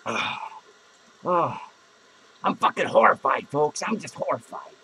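A man's voice: on the high side, animated, measured pace, bright, forceful tone, a little hiss or hum, heavily acted, low-quality recording. A man playing a foul-mouthed, jittery male clown who hosts a podcast and rants crudely and nervously at his viewers. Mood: anxious. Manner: swearing, rambling, nervous outbursts. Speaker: podcast host. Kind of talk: profane comedic rant to viewers. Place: podcast studio.

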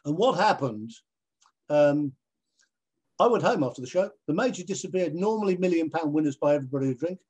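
A man, a television presenter, telling anecdotes in an animated way over a video call and acting out other people's voices. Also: a little high, brisk, husky. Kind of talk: anecdotal storytelling in a conversation.

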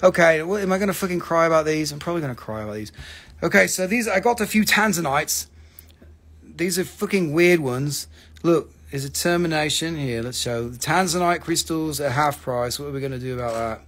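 A man's voice: fairly high pitch, fairly quick, fairly bright tone. A man hosting a live mineral sale, chatting casually with lots of swearing and rambling jokes. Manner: profane, rambling, joking. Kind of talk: casual live-stream selling chat.

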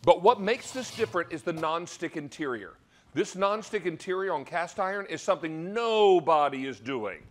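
A man's voice: a little high, expressive, normal speed. A man hosting a live TV shopping cooking demo, with upbeat, salesy patter. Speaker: shopping channel host.

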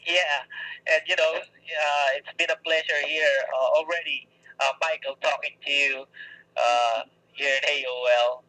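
A man's voice: on the high side, steady tone, a little slow, sharp tone. A man working as a customer service representative on a phone call, polite, agreeable and hesitant. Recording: tinny phone line.

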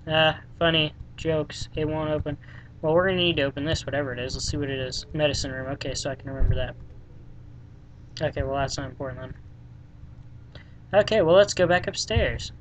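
A let's play gamer talking through a game in casual commentary. The delivery is dry and sarcastic, with plenty of swearing. The voice sits at an ordinary middle pitch. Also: slight background noise, rough recording. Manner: sarcastic, deadpan, swears often.

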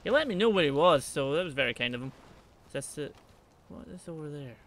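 A man's voice: a little high, expressive, a little fast, slight background noise. A man commenting on his own gameplay, muttering to himself and cracking jokes at his enemies. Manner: chatty, muttering to himself, jokey asides to enemies. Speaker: gaming let's play host. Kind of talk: let's play commentary.

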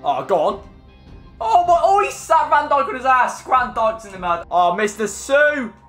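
A young man commentating his own football video game matches, slangy, swearing and shouting when goals go in. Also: very high voice, very animated, normal speed, soft background music. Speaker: gaming YouTuber. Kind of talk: excited gameplay commentary. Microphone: desk microphone.

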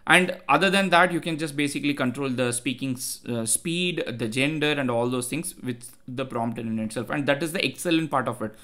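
A man walks viewers through code in a loose, explanatory way, padding his sentences with fillers. His pitch sits in the middle range, neither high nor low. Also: brisk, hardly any pauses, pushed and bright. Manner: talks to himself while looking things up. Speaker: tech tutorial host. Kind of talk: casual screen-share coding walkthrough.

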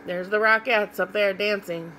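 A woman's voice: mid-range voice, steady tone, moderate pace, bright, forceful tone, a little hiss or hum, poor audio. A woman reading a picture book aloud to children, stopping to ask young listeners about the pictures. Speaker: children's read-aloud host.

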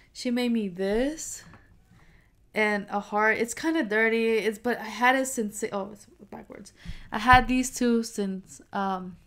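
A woman of about twenty doing excitable, gushing reaction commentary, calling out "bro" and "oh my God" as she watches. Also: mid-range voice. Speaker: YouTube reactor.

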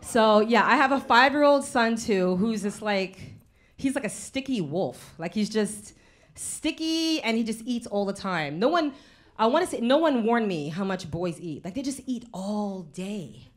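A woman in her thirties doing a stand-up comedy set on a live stage, telling mouthy, animated stories about her kids with asides to the audience. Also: mid-range voice, unhurried. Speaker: stand-up comedian and show host.

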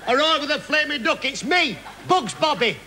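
A man on a comedy stage playing an indignant, squeaky-voiced character in a rabbit costume, telling his partner off. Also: animated, moderate pace, a little hiss or hum, exaggerated voice. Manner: shrill, bossy, indignant. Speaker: comedy double-act performer. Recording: TV stage with loud audience laughter.

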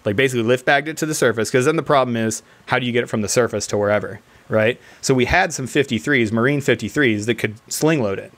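A man's voice: medium pitch, fast, hardly any pauses. A man telling a long story casually among friends, laughing often and acting out what others said. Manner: animated, laughs often, acts out other people's lines. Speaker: podcast co-host telling a military story. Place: indoor team room.

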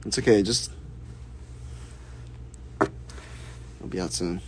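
A man casually answering fan questions on a live stream, soft-spoken and unhurried, reading questions aloud before he replies. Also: sits low, slight background noise.

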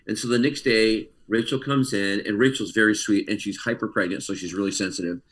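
A man, an actor guest telling an animated story with frequent laughs over a video call. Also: fairly low pitch, fairly quick, rough recording. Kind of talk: casual storytelling interview.

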